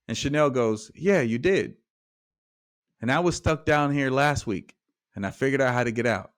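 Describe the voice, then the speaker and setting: A man in a podcast interview recounts a parable, jumping into the voices of his characters. His voice sits in a medium pitch. He speaks as a life coach encouraging his host. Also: normal speed. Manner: animated storyteller acting out dialogue. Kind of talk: storytelling in conversation.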